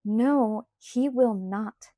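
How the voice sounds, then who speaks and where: Woman reading a sharp-tongued teen girl, loud and slow and biting, mellow higher voice, dry sound. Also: no echo, natural voice. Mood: cold. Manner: raised, emphatic, slow outbursts. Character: angry hurt teenage girl, sharp-tongued.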